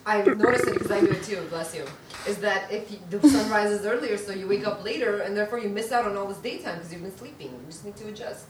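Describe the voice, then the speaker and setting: A woman's voice: medium pitch, quick pace, roomy sound, distant mic, noisy background. A woman chatting casually with friends, teasing and playful, laughing often. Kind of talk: casual chat.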